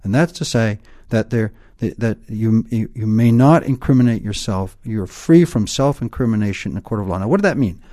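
A man's voice: on the low side, a little fast, hardly any pauses, mellow. A man explaining points emphatically in an interview, lecturing and often tagging points with "okay?". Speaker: guest expert.

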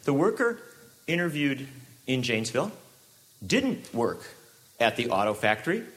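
A man giving a public talk with sarcastic, animated delivery and frequent asides. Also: mid-range voice, moderate pace. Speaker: speaker.

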